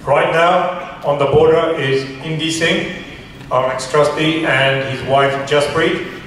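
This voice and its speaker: A man's voice: fairly high pitch, fairly even intonation, a bit bright. Earnest man telling a story in an echoey room. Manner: earnest, halting, with many restarts. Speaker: charity founder guest. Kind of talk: storytelling in a radio interview. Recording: echoey room, far from mic, faint hiss.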